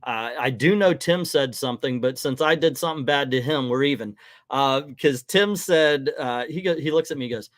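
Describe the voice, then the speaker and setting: A middle-aged man hosts a casual livestream from in front of a green screen. He rambles frankly and hesitates often. His voice sits at an ordinary pitch in a dry, close sound. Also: brisk, no room sound. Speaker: livestream host.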